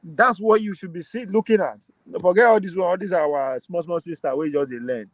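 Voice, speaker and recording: A Nigerian man with a high voice chats about politics, lively and laughing, moving between Pidgin and plain English. The sound is dry and close, with no room around it. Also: brisk, no room sound. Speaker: political commentator. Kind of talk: casual political talk.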